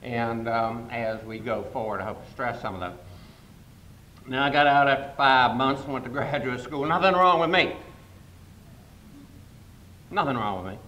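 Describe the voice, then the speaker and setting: Older man, mid-pitched voice, animated storytelling, sudden loud bursts, conference speech, echoey hall. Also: moderate pace. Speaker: conference guest speaker. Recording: echoey hall with faint rumble.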